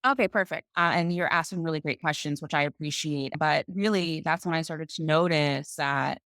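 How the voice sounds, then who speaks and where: A woman guest on a podcast, telling her own story in an animated conversational way. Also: deep voice, moderate pace, no room sound, clean studio sound. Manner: animated, acts out other people's voices in quotes.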